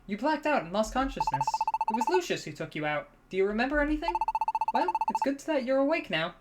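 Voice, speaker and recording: A woman doing a soft-spoken creature nurse. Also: medium pitch, heavy background noise, close to an everyday voice. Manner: soft, quiet and soothing. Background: loud game music.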